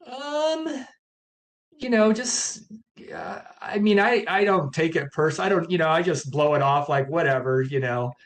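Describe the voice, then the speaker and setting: A man's voice: fairly high pitch, animated, unhurried. A man, a chiropractor guest in a casual interview, who talks hesitantly with many fillers but gets blunt.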